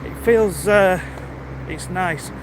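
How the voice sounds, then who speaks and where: A man's voice: sits high, takes it slowly, noisy background. A British man live-streaming as he walks outdoors, chatting casually and greeting viewers by name, recorded on a handheld phone. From Britain. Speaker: livestreamer. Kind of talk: casual live-stream chat while walking. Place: outdoors on a rural walk.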